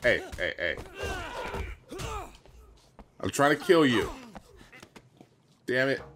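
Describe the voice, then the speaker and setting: A male let's play commentator talks over his game on a desk mic. His voice leaps all over the place as he rants and jokes, loud and profane. A soft hiss sits under the sound. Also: medium pitch, slow. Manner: animated, profane, playfully exasperated. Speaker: gameplay commentator.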